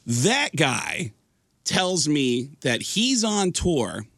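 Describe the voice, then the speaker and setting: A man in casual radio chat with a lively, swooping delivery. His voice sits a little high, and he acts out the people in his story as he talks. The sound is dry and close. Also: drawn-out words, creaky, no room sound. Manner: animated anecdote teller, acting out voices. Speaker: guest storyteller.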